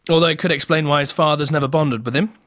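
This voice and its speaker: A man's voice: fairly high pitch, fairly even intonation, quick pace, fairly bright tone, lightly acted. A man playing an earnest, pedantic voice actor who overthinks his part. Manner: earnestly pedantic, over-thinking. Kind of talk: sketch comedy acting.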